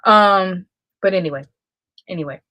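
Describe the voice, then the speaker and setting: In casual livestream talk, a woman chats and rambles, often revising herself in the middle of a sentence. Her medium-pitched voice sounds pushed and bright at normal speed, with no room sound.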